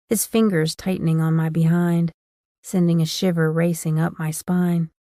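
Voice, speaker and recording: A woman narrating a first-person paranormal romance audiobook in a wry, steady storytelling manner. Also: on the low side, gravelly, dry recording, studio quality.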